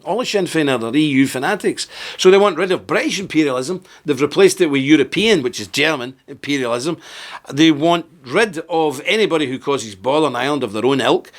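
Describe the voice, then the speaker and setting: A man hosting a political commentary monologue, talking in an indignant, emphatic way and firing off rhetorical questions. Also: medium pitch. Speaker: host.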